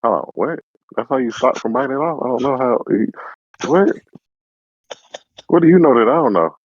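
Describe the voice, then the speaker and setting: A man's voice: mid-range voice, lively intonation, normal speed, slightly rough, no echo, highs cut off. A man co-hosting a podcast, brash and provocative, joking through casual group banter. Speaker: podcast co-host.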